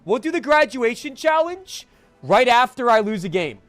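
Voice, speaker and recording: A man streaming live, chatting casually with viewers and swinging from mumbled asides to loud, laughing protests. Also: extremely high pitch, big pitch swings, normal speed, dry recording, soft background music.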